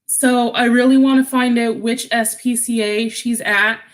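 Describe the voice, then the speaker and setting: Woman vlogger, slow unhurried talk, casual chat, answers viewer comments, emotional, near tears. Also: fairly high pitch, fairly even intonation.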